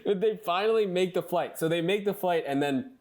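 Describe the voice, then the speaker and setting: A man's voice: sits high, a little fast. A man co-hosting a casual movie podcast, retelling scenes and acting out quotes. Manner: animated, acts out quotes in character voices. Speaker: podcast co-host.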